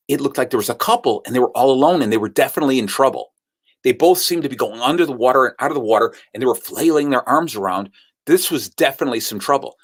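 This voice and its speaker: Lively storytelling man. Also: mid-range voice, slightly rough. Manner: animated storyteller who acts out the quotes. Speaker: guest speaker on sales. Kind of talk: storytelling talk.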